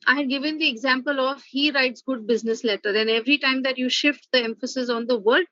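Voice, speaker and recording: A woman professor walks students through an online revision lecture, step by step, with the odd filler. Her voice sits high and bright. The recording is dry and a little muffled. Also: no echo. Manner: explains step by step, with filler "uh" and "okay".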